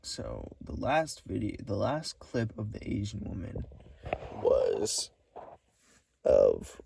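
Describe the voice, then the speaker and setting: Male vlogger, weary and short of breath, low and gravelly, halting speech with many restarts. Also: huge pitch swings, warm tone, distant mic, a little hiss or hum. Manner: halting, full of restarts and repeats. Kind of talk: rambling recorded monologue.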